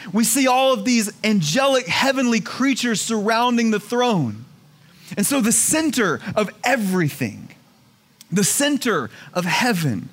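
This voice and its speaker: A male pastor preaching a sermon to his congregation, moving from hushed, slow emphasis to excited, near-shouted exclamations. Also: sits high. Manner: dynamic, swings from hushed to exclaiming.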